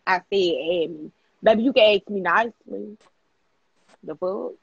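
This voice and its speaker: A woman hosting a livestream talent show, brash and teasing, hyping up callers with loud casual banter. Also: medium pitch, moderate pace, gravelly, husky, no room sound, lo-fi sound. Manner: brash, teasing, hypes people up with shouts and laughs.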